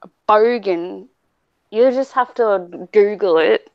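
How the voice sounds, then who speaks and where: A woman's voice: mid-range voice, slow pace, creaky, smooth, no room sound, highs cut off. Brash swearing Australian woman. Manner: swears a lot, brash and laughing. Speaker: co-host. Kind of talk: casual chat.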